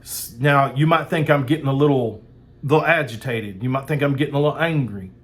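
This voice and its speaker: A man's voice: medium pitch, fairly quick. A man preaching a sermon in a fired-up, emphatic way, repeating phrases for emphasis.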